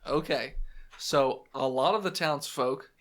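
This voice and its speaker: A man's voice: mid-range voice, measured pace, a bit bright. A young man narrating as game master in a casual, laughing, profane way.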